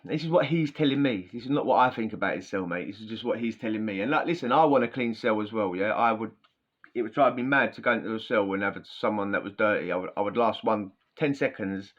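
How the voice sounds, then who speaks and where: A man's voice: fairly low pitch, brisk. A man telling prison stories in a chatty, slangy, rambling way. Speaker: podcast host. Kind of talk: casual storytelling. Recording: dull lo-fi sound.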